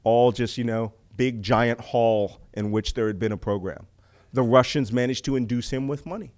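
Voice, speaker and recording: A middle-aged man from the United States giving an animated public talk on intelligence, full of rhetorical questions and jokes. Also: medium pitch, normal speed. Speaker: speaker on intelligence.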